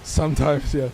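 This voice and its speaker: A man's voice: fairly high pitch, vocal fry, slight background noise. A man live-streaming a video game, chatting casually with viewers, joking and laughing often. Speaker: gaming streamer.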